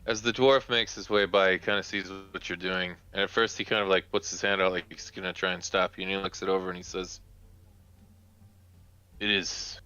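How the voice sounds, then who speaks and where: A man narrating as game master for a tabletop game, casual and halting, with many pauses and fillers. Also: deep voice, level tone, sharp tone, smooth, dull audio.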